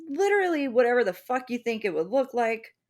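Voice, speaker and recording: A woman co-hosting a podcast, presenting the episode's topic in casual chat, animated and swearing freely. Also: on the high side, brisk. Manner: animated, swears freely, acts out little voices.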